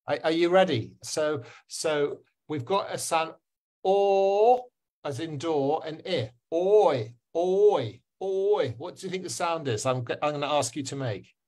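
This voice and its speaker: A man teaching pronunciation in an online webinar, encouraging and repeating sounds slowly for learners. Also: a little high. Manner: encouraging, drills words slowly and repeats them. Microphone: video call.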